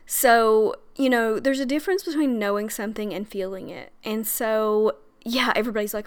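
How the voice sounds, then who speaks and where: A woman's voice: on the high side, moderate pace, few pauses, clean tone. A young adult woman hosting a podcast as a breathwork coach, talking in an earnest, chatty way with frequent fillers and little laughs. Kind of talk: casual monologue.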